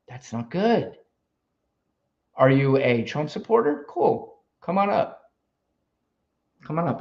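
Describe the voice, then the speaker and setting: A fired-up man hosts a live debate stream, his voice a bit high and bouncing all over as he lectures callers. He curses freely and sounds confrontational. The audio is dull and lo-fi. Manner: combative, profane, lecturing. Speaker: livestream host.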